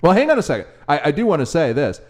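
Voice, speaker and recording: Blunt man with a lively voice. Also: a little high, racing. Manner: frequent backchannel, blunt opinions. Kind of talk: casual chat.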